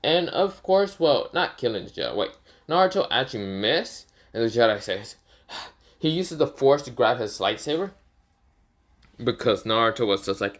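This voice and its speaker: A man's voice: medium pitch, big pitch swings, normal speed, fairly bright tone. A man casually narrating an improvised fan story, rambling with many fillers and self-corrections.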